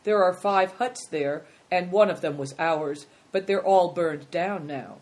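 A woman's voice: on the low side, unhurried, darkish tone, lightly acted. Little Snowbird, a polite country boy, as a woman reads him. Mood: earnest. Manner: polite and earnest. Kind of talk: storybook read-aloud.

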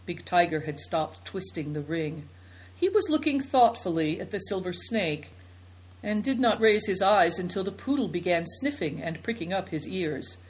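A woman narrating a children's novel as an audiobook, in an expressive storytelling manner. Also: fairly low pitch, moderate pace, poor audio.

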